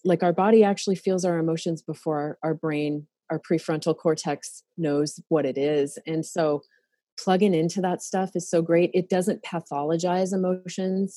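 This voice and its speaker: A middle-aged woman talking casually on a podcast. Her voice is mellow and lowish, close and dry on the mic. She speaks openly and emotionally, full of fillers and restarts. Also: no echo. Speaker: therapist.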